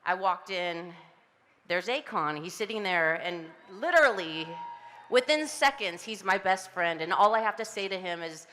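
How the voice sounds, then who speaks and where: A woman's voice: medium pitch, sharp tone, big-room sound. A middle-aged woman from Southern California giving a heartfelt acceptance speech, chatty and laughing often as she tells stories with quoted voices. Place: outdoor ceremony.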